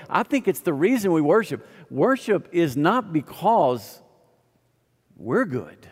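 A man's voice: on the high side, long reverb tail. A man preaching a sermon, telling a story and acting out both sides of the conversation. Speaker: pastor.

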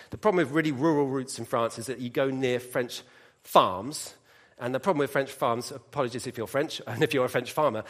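A man's voice: mid-range voice, fairly bright tone. A middle-aged man preaching a sermon, mixing scripture with humorous personal stories and asides to the congregation.

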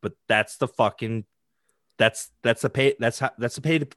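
A man's voice: medium pitch, moderate pace, a bit bright, dry recording, studio quality. A man chatting casually, rambling with lots of "like" fillers and some swearing. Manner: rambling, heavy use of "like", swearing. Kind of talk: casual chat.

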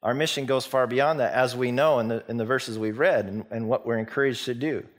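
A man's voice: medium pitch, fairly quick. A man preaching a sermon as a pastor, retelling a parable in a conversational storytelling way with many restarts. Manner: conversational storytelling with frequent restarts and acted-out quotes.

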